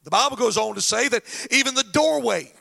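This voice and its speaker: A male pastor preaching a sermon, telling a Bible story in an animated way with folksy asides. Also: extremely high pitch, a little fast, creaky.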